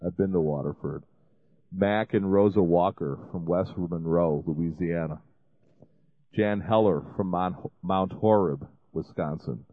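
A man's voice: deep voice, unhurried, no echo. A man hosting a ministry show, making a rambling fundraising appeal full of restarts and fillers. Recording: dry, phone-like lo-fi sound.

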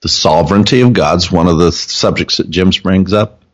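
A man hosting a religious podcast, talking in a halting, casual way with many ums and uhs as he explains things. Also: sits low. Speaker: podcast host and teacher. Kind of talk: casual chat.

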